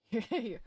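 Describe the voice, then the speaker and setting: A young woman streaming a game live and chatting casually, animated, laughing often and swearing now and then. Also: fairly high pitch, slightly rough, no room sound, clean studio sound.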